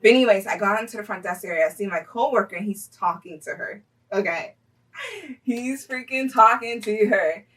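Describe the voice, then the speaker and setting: A chatty young woman tells a story-time vlog, her voice bright and forward. She leans on fillers and laughs often, and she sits a little back from the mic. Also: mid-range voice, normal speed, far from the mic, poor audio. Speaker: vlogger telling a personal story.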